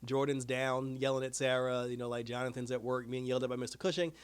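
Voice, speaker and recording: A man hosting a casual TV episode review, retelling scenes in an animated way with quoted dialogue and frequent laughs. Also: medium pitch, fast talker, clear, resonant tone. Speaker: TV review host.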